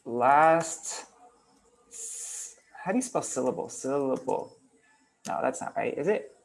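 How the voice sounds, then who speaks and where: A kirtan teacher leads an online lesson on verse meter, relaxed and thinking aloud while working on screen. His medium-pitched, slightly slow voice has a gravelly edge, and now and then he chants syllable patterns out loud.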